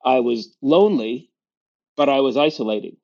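A man around sixty with a Boston accent, a guest author speaking in a wry, self-deprecating way, with quick bursts of talk. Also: medium pitch, animated, a little mellow. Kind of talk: conversational interview. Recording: slightly dull lo-fi audio.

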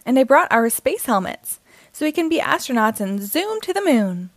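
A woman's voice: sits high, sing-song, normal speed, dry recording, heavily acted. A woman voicing a bubbly, playful young girl in a storybook read-aloud. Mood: excited. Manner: bubbly and exclaiming.

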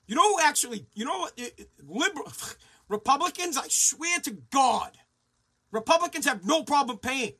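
A man's voice: very high voice, sing-song, normal speed, pushed and bright. A man hosting a talk show, ranting angrily and sarcastically, mocking people in put-on voices. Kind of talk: profane rant.

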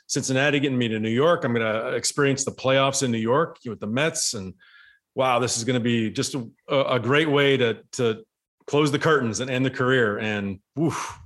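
Ex-ballplayer man, chatty storyteller, lively rambling delivery. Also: medium pitch, normal speed. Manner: rambling, animated storytelling with restarts. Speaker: former baseball player. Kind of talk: casual storytelling chat.

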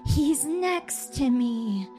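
A woman imitating a theatrical woman medium in a trance, speaking in a slow, drawn-out, mystical way. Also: high voice, lively intonation, dark tone, faint music behind, voice pushed up, full character voice.

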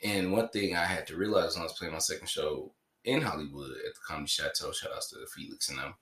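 A man's voice: sits low, quick pace, a bit bright, echoey room. A man hosting his podcast in casual chat, joking and playful, rambling along as he talks to a co-host.

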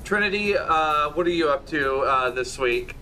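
A man narrating as game master for a tabletop role-playing session, halting often with fillers. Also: a little high, animated, bright, forceful tone, soft background music. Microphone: streaming setup with audio box.

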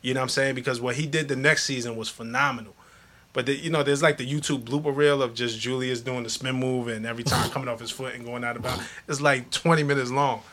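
Bright-voiced man chatting animatedly. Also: medium pitch, quick pace. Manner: animated, laughing, stumbling restarts. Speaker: podcast guest, media journalist. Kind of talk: casual chat.

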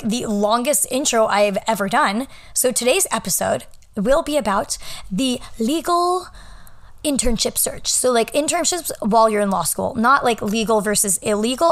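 A woman's voice: on the high side, fairly bright tone. Twenty-something woman rambling on her podcast, super casual, says like a lot. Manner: rambling, chatty, frequent "like" and "um". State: yawning, a little tired. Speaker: podcast host, law student. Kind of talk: casual solo podcast chat.

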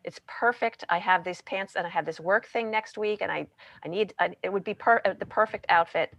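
A woman's voice: mid-range voice, fairly quick, fairly bright tone, lo-fi sound. A woman, co-author of a parenting book, talking casually and often checking in with "right?" and "you know". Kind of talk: casual conversational explanation.

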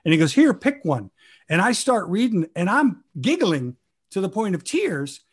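Man, slightly high voice, animated storyteller, casual guest chat. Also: moderate pace, breathy edge. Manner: animated, acts out quoted lines with laughs; trained in improv comedy. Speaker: guest actor.

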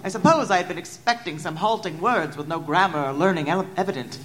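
A woman narrating a story in the first person, with expressive storytelling. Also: lowish voice, fast, slight background noise, poor audio. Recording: narration over music. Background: background music.

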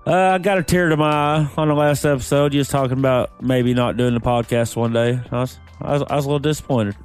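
A married man co-hosting a casual podcast, telling crude stories with rising excitement. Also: mid-range voice, quick pace, clear, resonant tone, faint music behind. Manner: animated storyteller, crude and excitable. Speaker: podcast co-host.

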